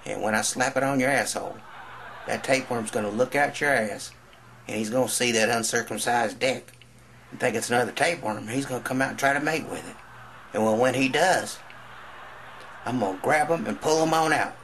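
A man's voice: medium pitch, a little fast, fairly bright tone, slight background noise, pitched above the performer's own voice, close to an everyday voice, poor audio. A man voicing a folksy, matter-of-fact old male country doctor in a stand-up bit. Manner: folksy drawl.

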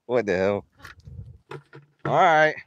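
A man vlogging outdoors while feeding his farm animals, excitable and out of breath, laughing and talking to the animals as he goes. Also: mid-range voice, slow pace, muffled recording, slight background noise.

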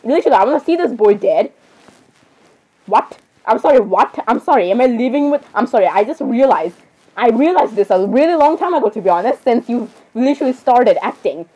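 Woman reactor, higher mellow voice, giggly, keeps apologizing. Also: animated, brisk, slightly rough, low-quality recording. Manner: giggly, keeps saying "I'm sorry". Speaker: video reactor. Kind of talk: casual reaction commentary.

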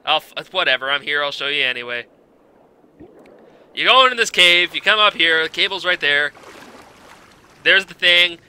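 A man giving exasperated, profane commentary over his gameplay, ranting about hidden collectibles with loud outbursts. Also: sits high.

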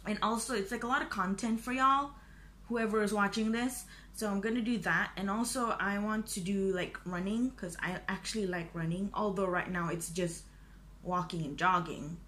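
A woman's voice: medium pitch, moderate pace, a bit bright, slight background noise. Chatty young woman vlogger. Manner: chatty, self-deprecating, full of "like" and "basically". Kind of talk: casual chat to camera.

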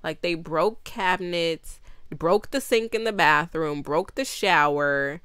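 A woman with a slightly low voice recaps a movie in a loose, rambling way, plainly exasperated and laughing as she goes. Her tone is smooth and clear, and the sound is close and dry with no room around it. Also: slow pace, fairly bright tone, dry recording. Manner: chatty, exasperated, laughs often; acts out characters' lines. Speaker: movie reviewer.

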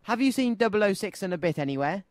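A man voicing a mysterious grown-up spy who speaks in a deep, secretive whisper, in a children's story. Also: lively intonation, fast talker, dry recording, clean studio sound.

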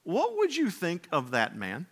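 A man preaching a sermon as pastor, with a dramatic delivery that swings between loud emphasis and hushed, low passages, asking many rhetorical questions. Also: wildly swooping pitch, unhurried, long reverb tail. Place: church sanctuary.

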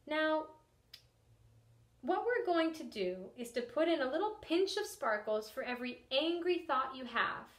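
A woman voicing a patient old grandfather who teaches meditation, gentle and unhurried. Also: high voice, sing-song, voice pushed up. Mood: calm. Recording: roomy echo.

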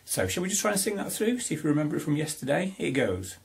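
A man giving a playful home music lesson to a young child, talking in a bright, encouraging, sing-song way. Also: a little high, sing-song, fast talker, vocal fry, few pauses, slightly rough. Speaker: parent teaching music to a child.

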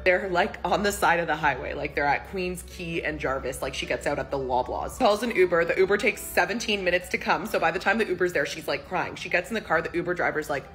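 Low-voiced woman ranting a storytime. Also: fairly bright tone, faint music behind. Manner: profane, exasperated, fast storytelling. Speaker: TikTok storyteller. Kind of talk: casual storytime rant.

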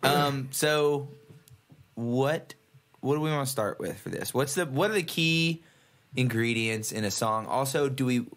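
A man co-hosting a podcast in loose, joking conversation. He jumps from one idea to the next in a medium-pitched voice. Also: measured pace, fairly bright tone. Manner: joking, bounces between ideas. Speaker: podcast co-host. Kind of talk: casual chat.

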